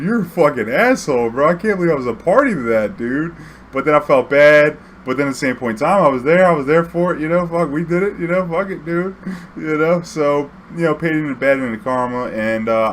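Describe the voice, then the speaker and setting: A young man with a lowish voice tells a loose, profane story, stringing it together with fillers and acting out what people said. A faint hum sits under the recording. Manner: rambling, profane, full of fillers and acted-out quotes. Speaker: YouTube storyteller. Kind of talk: casual storytelling monologue.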